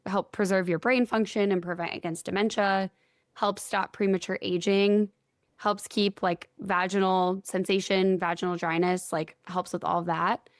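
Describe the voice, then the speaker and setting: A woman's voice: medium pitch, dry recording, clean studio sound. Upbeat woman explaining health topics. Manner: upbeat, explains in quick lists, laughs easily. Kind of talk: casual explanatory chat.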